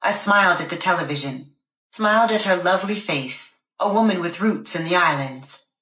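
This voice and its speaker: A woman reading a first-person novel aloud in a measured, deliberate way. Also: lowish voice, animated, sharp tone. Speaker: narrator. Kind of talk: scripted first-person audiobook narration. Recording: roomy echo.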